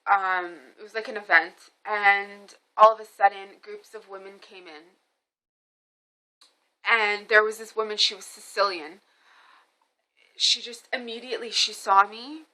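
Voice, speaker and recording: Bright-voiced woman telling a rambling story. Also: medium pitch, poor audio. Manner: rambling, animated, many fillers and restarts. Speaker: spiritual reader vlogger. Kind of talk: casual storytelling monologue.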